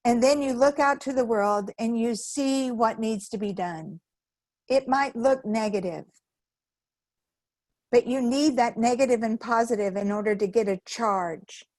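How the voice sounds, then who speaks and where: A woman's voice: fairly high pitch, measured pace, a little mellow, no room sound. A woman giving a sermon at a spiritual center in a conversational way, acting out the voices of people she quotes. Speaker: guest speaker at a spiritual center.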